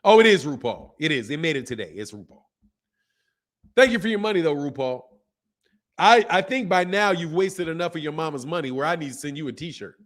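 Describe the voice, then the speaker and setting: A middle-aged man hosts a casual live stream for a boxing channel, speaking in a slightly high, animated voice at a fairly quick clip. He talks loosely in slang and reads viewer questions aloud.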